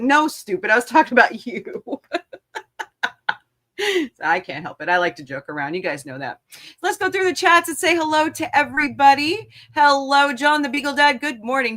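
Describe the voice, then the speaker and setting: A woman's voice: a little high, a bit bright. A woman hosting a casual livestream talk show, joking around and greeting her viewers by name.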